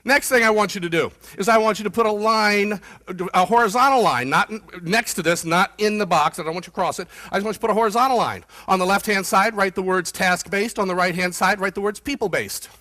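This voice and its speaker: A man giving an energetic, fast-paced motivational keynote talk to a room of people, often quizzing the audience. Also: high voice. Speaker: keynote speaker.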